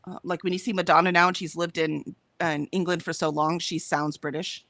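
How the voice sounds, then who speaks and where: American lady chatting on a stream, laughs a lot, bright voice. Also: on the low side, steady tone, a little fast, no room sound. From United States. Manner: chatty, laughs often, quotes viewer comments. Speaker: livestream co-host. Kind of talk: casual chat reading viewer comments.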